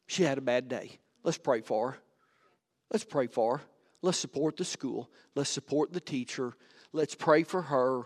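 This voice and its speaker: A male pastor preaching a sermon, rising to near-shouts and repeating his words as he presses his point. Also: medium pitch. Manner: repeats and stumbles over words. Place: church sanctuary. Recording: long hall reverb from a sanctuary.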